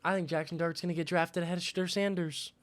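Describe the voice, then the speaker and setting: A young man streams his live reaction with a raised, high voice, worked up and profane. He keeps repeating short outbursts to his viewers. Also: quick pace. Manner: excitable, repetitive, profane outbursts. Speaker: fantasy football streamer.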